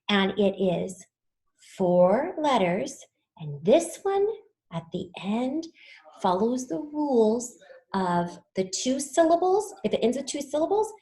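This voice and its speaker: A woman's voice: medium pitch, dark tone, echoey room. A woman teaching a spelling lesson to children, patiently sounding words out letter by letter.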